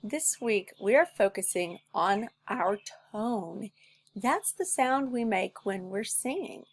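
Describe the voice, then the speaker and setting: Speaking slowly and expressively, a woman with a medium-pitched voice leads a recorded music lesson for kids from her home. Encouraging and patient, she demonstrates each step with her own singing.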